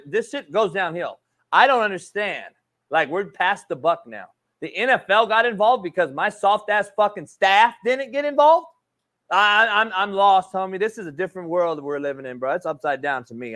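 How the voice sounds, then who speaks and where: A man's voice: sits high, fairly bright tone. A man hosting a sports talk show, ranting profanely and calling people homie. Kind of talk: heated sports debate.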